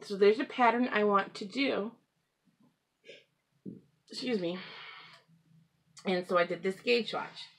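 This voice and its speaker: A woman hosting a home craft podcast, talking casually and rambling, often laughing and clearing her throat. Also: mid-range voice, slow pace, pauses often. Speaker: knitting podcast host. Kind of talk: casual craft chat to camera. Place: at home with pets.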